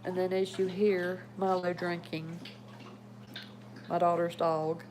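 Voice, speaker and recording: A woman's voice: fairly low pitch, little pitch movement, slow, background noise. A woman, rambling casually about her pets at home and talking to them as she goes. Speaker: pet owner showing her animals. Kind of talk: casual home video chat.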